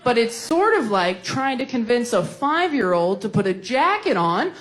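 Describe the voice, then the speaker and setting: A woman's voice: on the high side, big pitch swings, moderate pace, rough recording. A woman doing wry, observational stand-up. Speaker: stand-up comedian. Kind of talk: stand-up routine.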